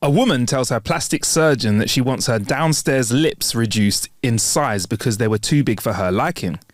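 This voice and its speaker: Brisk man reading jokes. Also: medium pitch, animated, no room sound, clean studio sound. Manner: reads jokes briskly, laughs at punchlines. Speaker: podcast co-host. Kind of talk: casual joke-telling chat.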